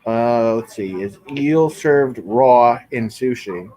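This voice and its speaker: With a warm, mid-range voice and a slow delivery, a man chats on a live stream from his bedroom. He reads comments aloud and casually argues with viewers, peppering it all with profanity.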